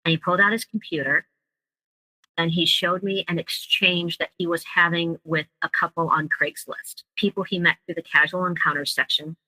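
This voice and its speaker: Her voice sits on the low side, bright and forceful, with a steady tone and moderate pace, captured in a rough, dry recording. As an interview guest, she shares her own story emotionally and vividly, performing others' dialogue as she goes.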